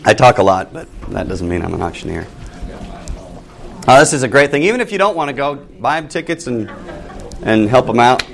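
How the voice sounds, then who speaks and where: A man's voice: mid-range voice, animated, a little fast, gravelly, pauses often, fairly bright tone, a little hiss or hum. A man leading a church class, joking with the group and reading a text aloud, then commenting on it. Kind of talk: casual Bible class talk with reading aloud.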